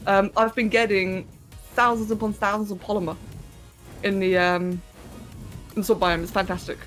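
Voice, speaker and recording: A woman's voice: mid-range voice, level tone, normal speed, faint music behind. A woman streaming a game live, chatting casually, thinking aloud and answering her chat as she plays.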